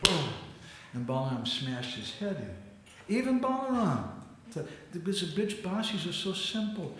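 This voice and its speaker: A man giving a lively storytelling sermon, slipping into acted quotes and frequent laughter. His voice sits a little high for a man and rings through a very echoey temple hall, with faint background noise. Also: normal speed. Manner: animated, acts out quotes, laughs often. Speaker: spiritual teacher giving a class.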